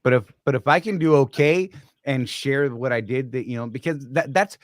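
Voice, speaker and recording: A man's voice: mid-range voice, moderate pace, no room sound, studio quality. A man co-hosting a casual talk show, speaking earnestly with many restarts and repeated words. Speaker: podcast co-host. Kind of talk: casual chat.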